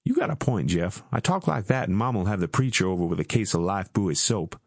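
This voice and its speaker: A man's voice: low-pitched, very animated, darkish tone, breathy edge, no room sound, clean studio sound, heavily acted. A man doing a drawling young soldier. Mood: wry. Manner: deliberate drawl. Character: laid-back young male soldier heading home. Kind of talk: audiobook character voice.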